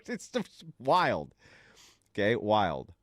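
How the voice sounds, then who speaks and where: Man hosting a stream, mocks posts with lively, swinging pitch and lots of cursing; dry close sound. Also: extremely slow, no room sound. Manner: mocking, profane, laughing often. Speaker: livestream host. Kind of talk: profane livestream commentary reading posts.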